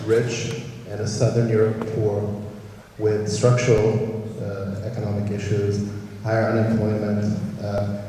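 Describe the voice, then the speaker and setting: A man in the audience asking a question, halting as he lists points. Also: lowish voice, little pitch movement, warm tone, a little hiss or hum. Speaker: audience member. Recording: echoey hall from far off.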